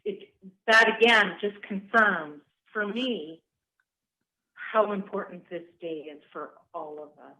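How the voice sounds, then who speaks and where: Slow-spoken grateful woman caller on phone. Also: medium pitch, pushed and bright. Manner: grateful, hesitant. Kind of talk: call-in radio talk. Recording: phone line.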